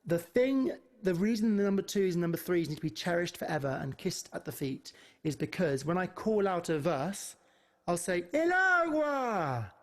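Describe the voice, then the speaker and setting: A man leading an online choir lesson over a video call, talking in quick, playful asides between demonstrations. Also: high voice, a little mellow. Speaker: choir leader. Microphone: computer mic on a video call.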